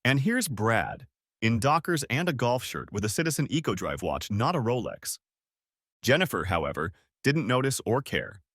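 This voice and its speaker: A man narrating an audiobook story in an expressive storytelling read. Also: mid-range voice, normal speed, no echo, studio quality. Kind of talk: scripted narration.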